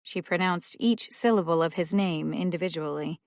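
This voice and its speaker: A woman reading a mystery audiobook as narrator, in a slow, even manner. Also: fairly low pitch, no echo, clean studio sound. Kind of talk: scripted narration.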